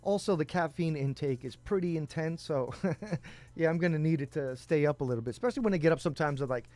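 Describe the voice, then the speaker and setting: A man with a somewhat high voice chats casually as a talk show co-host, spinning loose anecdotes full of laughs and the odd curse. Soft music plays faintly behind him. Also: fast, no echo. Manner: storytelling, laughs often, swears. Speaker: podcast co-host. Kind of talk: casual chat.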